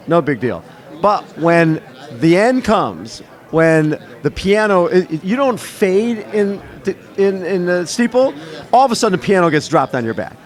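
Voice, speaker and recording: A man hosting a casual interview outdoors at an expo, asking questions in a colorful, enthusiastic way. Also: a little high. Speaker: interview host.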